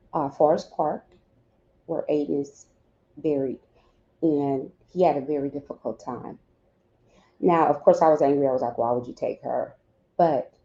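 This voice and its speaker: Warm-voiced woman giving heartfelt advice. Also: lowish voice, lo-fi sound. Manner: direct, heartfelt, acts out little dialogues. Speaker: grief counselor speaking to bereaved parents. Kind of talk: earnest advice talk.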